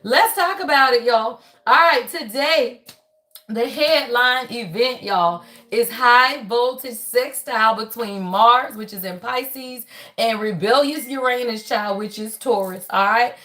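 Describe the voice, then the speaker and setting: A woman's voice: fairly high pitch, a little slow. A woman hosting a spiritual reading live stream, talking casually and preaching bluntly, with lots of cussing, and calling her viewers "y'all" over and over. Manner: blunt, profane, calls the audience "y'all" constantly; lively, preachy and emphatic. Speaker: spiritual reading channel host. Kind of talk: casual livestream chat.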